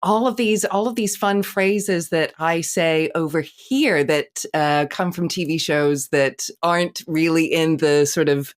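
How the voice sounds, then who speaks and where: A woman's voice: deep voice, a little slow, hardly any pauses. Thoughtful woman on a podcast. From United States. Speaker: in-house therapist guest. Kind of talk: casual chat.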